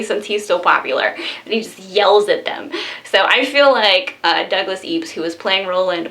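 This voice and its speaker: A young woman casually reviewing a low-budget horror film, bubbly and giggly, full of fillers. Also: a bit bright.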